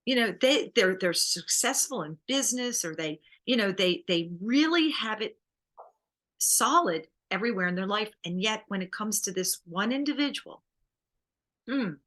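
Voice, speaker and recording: A woman divorce coach and private investigator in a conversational interview, animated and quick to laugh. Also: medium pitch. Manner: animated, laughs often, acts out client quotes.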